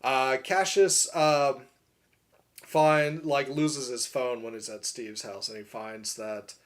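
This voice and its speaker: A man's voice: medium pitch, fairly even intonation, slow pace. A man co-hosting a podcast, recapping a film in casual chat with lots of fillers. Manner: rambling, many fillers like "like" and "uh". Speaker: podcast co-host.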